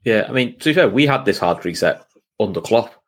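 A man who is a guest on a football podcast, telling stories and acting out quotes with animated energy. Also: on the low side, fairly quick. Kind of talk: casual football chat.

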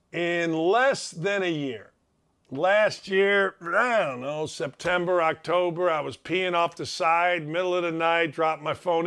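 A middle-aged man hosting a sports talk show, telling a story in an excitable, self-mocking way with loud exclamations. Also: high voice. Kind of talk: animated storytelling monologue.

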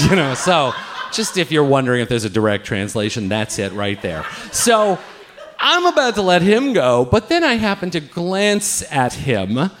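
High animated Irish-born man storyteller. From Ireland. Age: older. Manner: profane, animated, laughing, quoting himself loudly. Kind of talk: live comic storytelling.

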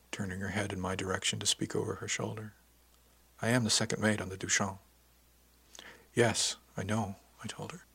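A man reading a first-person story aloud in a soft, intimate, unhurried way, often dropping to a half-whisper. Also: on the low side, husky. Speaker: narrator. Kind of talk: first-person audiobook narration.

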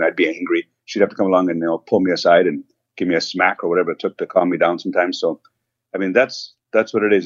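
A man's voice: sits low, dry recording, muffled recording. A man, a restaurant owner, telling rambling stories with lots of asides as a guest in a casual interview. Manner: rambling, animated storyteller, many asides.

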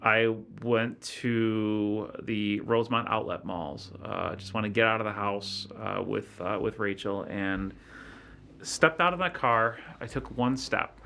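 A man guest on a podcast telling a personal story in a halting, earnest way, with many restarts. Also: lowish voice, vocal fry, pushed and bright. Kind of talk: casual storytelling.

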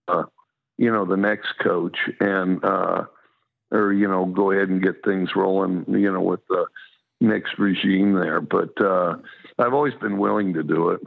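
A football coach from Wyoming with a drawl, answering in a halting way full of fillers and restarts. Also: male voice, on the low side. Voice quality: gravelly. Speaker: college football coach, guest. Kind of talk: phone interview. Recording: tinny phone line.

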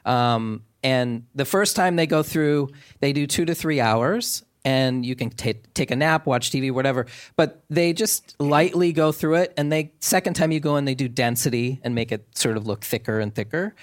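This is a man of middle pitch, chatting as a guest on a comedy talk show taped before a live theater audience. He talks in an animated, casual way with frequent fillers. He now and then drops in playful little sound effects while he explains something. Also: normal speed.

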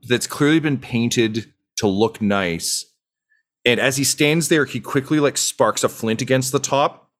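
A man's voice: lowish voice, fairly bright tone. A man narrating as game master, in a casual, rambling way full of fillers.

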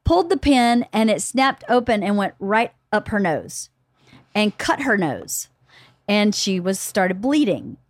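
A woman hosting a podcast, telling a story in a casual, animated way and laughing often. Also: medium pitch, unhurried, dry recording, studio quality. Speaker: podcast host.

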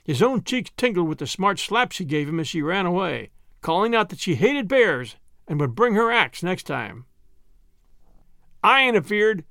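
A man reading a story aloud as narrator, with lively storytelling. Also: high-pitched, moderate pace, no room sound, clean studio sound. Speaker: audiobook reader. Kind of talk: scripted narration.

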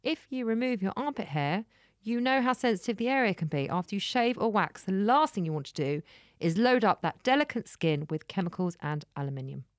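A woman's voice: mid-range voice, animated, fairly quick, no room sound, clean studio sound. A woman co-hosting a podcast, talking bluntly with some swearing and mock indignation. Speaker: podcast co-host. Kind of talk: casual chat.

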